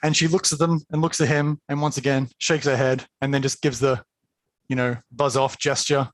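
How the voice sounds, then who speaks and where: A man's voice: medium pitch, little pitch movement, moderate pace, no room sound. Chatty male game master, dry sound. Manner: chatty, laughing, many fillers. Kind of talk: narrating a tabletop game.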